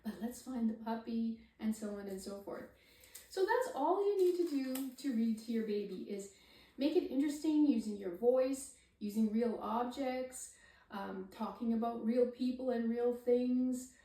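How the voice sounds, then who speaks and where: Animated woman coach in an echoey room. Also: measured pace. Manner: gasps and swoops up high when modeling talk to the baby. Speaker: parenting coach demonstrating reading to a baby. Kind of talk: instructional talk with animated baby-talk demonstrations. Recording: echoey room, somewhat far from the mic.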